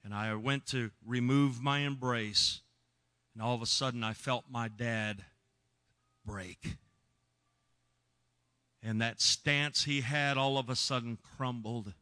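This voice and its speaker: A man's voice: mid-range voice, fairly even intonation, slow pace, pauses often. Man telling an emotional sermon story. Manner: emotional storytelling, swings from hushed to loud. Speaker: preacher. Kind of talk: sermon testimony.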